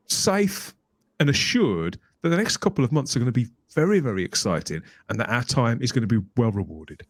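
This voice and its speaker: A man talking in a casual podcast discussion, enthusiastic and emphatic, stumbling and repeating words as he gets excited. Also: medium pitch, no room sound, clean studio sound. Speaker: guest podcaster.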